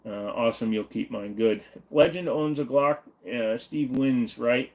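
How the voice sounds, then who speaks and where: A man's voice: medium pitch, unhurried, a little mellow. A young man from Virginia hosting a casual livestream, reading viewer comments and answering them bluntly and off the cuff, swearing now and then. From Virginia, USA. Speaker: livestream host.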